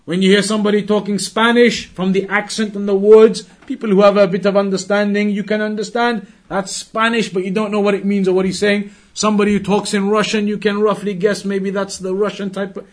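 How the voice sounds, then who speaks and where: Male religious teacher, fairly high voice, quizzes the class, drawn-out repetitions. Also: flat delivery. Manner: questions the audience, repeats words slowly for emphasis. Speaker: Islamic teacher.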